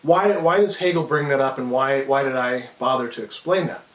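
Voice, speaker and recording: A man's voice: mid-range voice, normal speed, fairly bright tone. A man giving an unscripted philosophy lecture. He thinks aloud, restarts often and taps out rhythms with his voice. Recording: roomy echo, mic at a distance.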